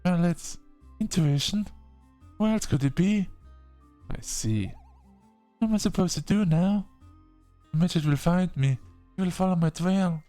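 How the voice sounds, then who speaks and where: A jumpy young protagonist from a game reading, voice high and strained, stumbling over words, as a man acts it out. Soft guitar music plays faintly behind. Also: animated, unhurried, long pauses, no echo. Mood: anxious, defensive. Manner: high, panicky, stammering. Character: frightened, tearful young protagonist.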